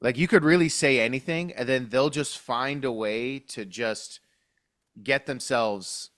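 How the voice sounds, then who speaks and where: A man's voice: medium pitch, unhurried, fairly bright tone, no echo, clean studio sound. A man comedian guest musing hesitantly, with lots of "like" fillers. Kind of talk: casual chat.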